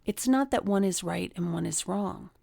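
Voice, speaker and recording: A middle-aged woman hosts a self-help talk on relationships, with a gravelly, creaky edge to her voice. She teaches through personal anecdotes and acts out the people she quotes. The sound is dry and close, with no room echo. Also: lowish voice, normal speed, warm tone. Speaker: relationship coach, podcast host.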